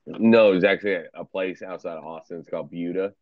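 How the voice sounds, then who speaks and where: A low-voiced man chatting on a video stream, relaxed and mocking, with swearing in nearly every sentence. The audio is dry and dull, like cheap webcam sound. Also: quick pace, no room sound. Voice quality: heavy swearing, laid-back, teasing. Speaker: streamer and tarot card reader. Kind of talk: casual video chat banter.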